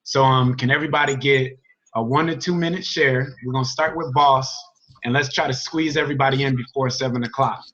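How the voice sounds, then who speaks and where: A man hosting a group call, upbeat and full of shout-outs. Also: medium pitch, fairly even intonation, fairly quick. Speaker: call host. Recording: dull lo-fi call audio.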